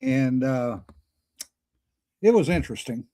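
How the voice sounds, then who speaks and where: A man's voice: medium pitch, animated, slow, warm tone, dry recording. A man co-hosting a casual livestream chat, telling stories and laughing often. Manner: chatty storyteller, laughs often. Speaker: podcast co-host.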